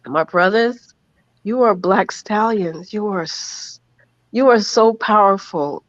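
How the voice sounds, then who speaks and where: A man's voice: sits high, dry recording. An earnest man speaks as a podcast guest, heartfelt and emphatic, repeating key phrases. His audio is dry with no room sound and comes through dull and lo-fi. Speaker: interview guest. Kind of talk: emotional podcast interview.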